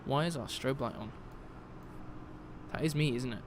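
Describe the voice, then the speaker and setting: A man's voice: mid-range voice, normal speed, noisy background. A man from Britain chatting on a live stream as he shuts down a sim aircraft, laughing often and answering his chat.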